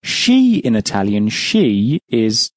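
A man's voice: on the low side, huge pitch swings, takes it slowly, dry recording. An English man teaching a language lesson on an audiobook, patiently explaining and then asking the listener to answer. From England.

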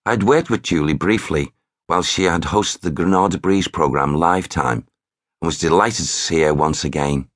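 A man narrating his own memoir audiobook in a measured storytelling manner. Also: low-pitched, dry recording, clean studio sound. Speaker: author and narrator.

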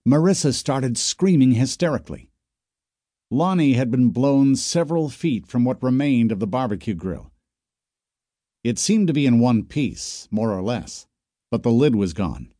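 A man reading a first-person mystery story, with dry narration and lively character voices. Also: mid-range voice, measured pace, dry recording. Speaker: audiobook narrator. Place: studio booth.

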